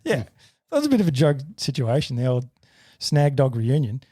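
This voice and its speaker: Australian male podcaster, 30s, animated sweary storyteller, dry mic. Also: mid-range voice, moderate pace, no echo. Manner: sweary, animated retelling with shouted quotes. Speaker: podcast co-host. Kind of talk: casual storytelling.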